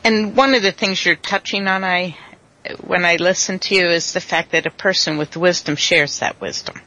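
A Bible study leader teaching slowly, quoting scripture and laughing easily with the group. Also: medium pitch, steady tone. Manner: slow, warm, laughs easily, quotes scripture. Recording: dull lo-fi recording.

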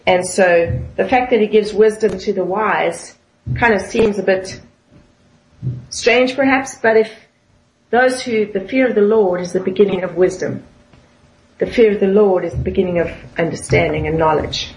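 A woman's voice: mid-range voice, moderate pace, slight background noise. A woman with a South African accent, sharing thoughts in a Bible study group and reading verses aloud. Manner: thoughtful, reads scripture aloud. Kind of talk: casual Bible study discussion. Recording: echoey room.

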